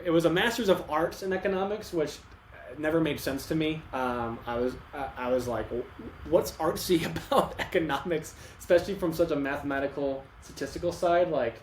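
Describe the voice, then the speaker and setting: A man's voice: sits high, darkish tone. A young man co-hosting a podcast, telling his story in casual talk with many restarts and emotional moments. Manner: rambling, restarts often, emotional retelling. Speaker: podcast co-host. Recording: echoey room, faint ambient noise.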